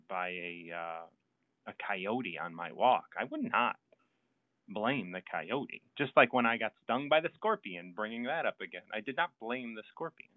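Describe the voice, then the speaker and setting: A man's voice: fairly low pitch, no echo. Man talking on a tinny phone line. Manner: halting, reflective, many fillers. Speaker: podcast host. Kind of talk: casual chat.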